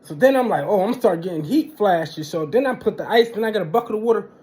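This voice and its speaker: A young man telling a casual storytime monologue, animated and slangy, punctuating with "boom" and "bang". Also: fast.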